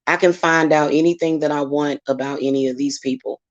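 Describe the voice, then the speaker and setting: A woman's voice: low voice, fairly even intonation, fairly quick, dry recording, lo-fi sound. A woman hosting her own channel, delivering a heated, profane, confrontational rant at her critics. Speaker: spiritual reader and channel host. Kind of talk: angry vlog rant.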